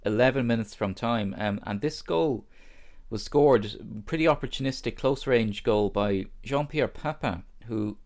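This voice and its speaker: A man co-hosting a podcast in casual chat, relaxed and rambling with fillers. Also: mid-range voice, unhurried. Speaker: podcast co-host.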